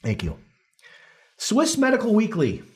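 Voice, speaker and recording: A man's voice: sits high, a little slow. A man hosting a casual podcast, reading through a study with jokes and frequent self-corrections. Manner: animated, joking, often restarts and corrects himself. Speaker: podcast host.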